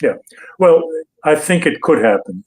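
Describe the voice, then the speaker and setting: An older man as a guest analyst in an interview, speaking deliberately, with frequent hesitations and fillers. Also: a little high, animated, a little mellow, poor audio.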